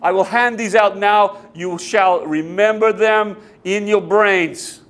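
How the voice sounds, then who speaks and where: An actor playing a pompous, bossy senior weather forecaster who speaks stiff, halting formal English in a put-on accent. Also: male voice, high voice, steady tone, fairly bright tone. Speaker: comic actor. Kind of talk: amateur comedy sketch.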